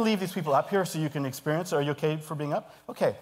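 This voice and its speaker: A man with a somewhat high voice gives a live stage talk as a hypnotist. He moves between calm, soothing trance suggestions and lively explaining. His voice rings out with a long reverb in a large hall. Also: fast, few pauses, background noise.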